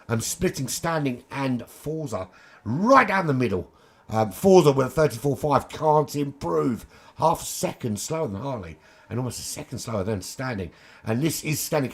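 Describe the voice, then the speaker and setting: A gravelly, husky-voiced man calls a sim race live. He is chatty and cheeky and drops in casual swearing and quick asides. His voice sits at an ordinary pitch for a man. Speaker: sim racing commentator. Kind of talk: live esports race commentary.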